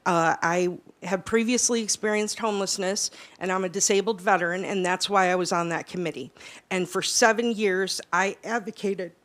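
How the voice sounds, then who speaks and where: A woman's voice: mid-range voice, fairly even intonation, normal speed, fairly bright tone. An upset, tearful woman giving a confrontational public comment at a community meeting, scolding officials and repeating herself.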